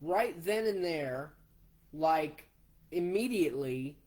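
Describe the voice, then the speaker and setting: A man in his forties, slowly telling a personal story in a plain way, step by step. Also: on the high side, animated, darkish tone. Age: 40s. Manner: slow, plainspoken, retelling step by step. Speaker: vlogger.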